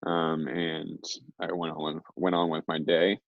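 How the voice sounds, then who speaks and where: A young man with a low voice and a gravelly, creaky edge tells a story in a loose, rambling way, filling gaps with "like" and "um". The recording is dry and a little dull and lo-fi. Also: little pitch movement, measured pace, dry recording. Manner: rambling, heavy on fillers. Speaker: interview guest. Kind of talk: casual storytelling.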